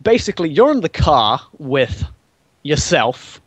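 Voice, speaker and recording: A man narrates a tabletop game session as game master, his voice swinging widely in pitch and sitting a little high. He swears freely and laughs often. The sound is dry and close. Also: very animated, a little slow, husky, no room sound.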